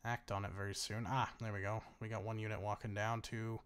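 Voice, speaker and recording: A man's voice: lowish voice, flat delivery, fairly quick, a bit bright, smooth. Chatty bemused man commentating a strategy game. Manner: chatty, bemused, swears freely, laughs often. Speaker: gaming YouTuber. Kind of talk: casual let's-play commentary.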